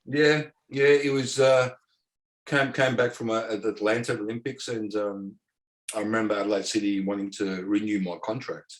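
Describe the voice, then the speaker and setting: Rambling Australian man, lowish voice. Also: steady tone, normal speed. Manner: rambling, repeats words, many fillers. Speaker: former professional footballer, guest. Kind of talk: casual interview storytelling.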